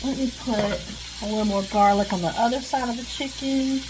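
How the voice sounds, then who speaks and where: A woman's voice: fairly high pitch, steady tone, a little fast. A woman, rambling and venting in casual chat while she cooks at home. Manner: chatty, venting, rambling with sighs. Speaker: vlogger. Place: home kitchen. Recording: noisy kitchen with frying sizzle. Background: sizzling frying pan.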